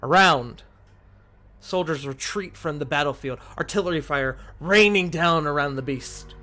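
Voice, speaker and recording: A man's voice: a little high, a little slow, pushed and bright. A man narrating a tabletop role-playing game as game master, describing scenes with frequent restarts.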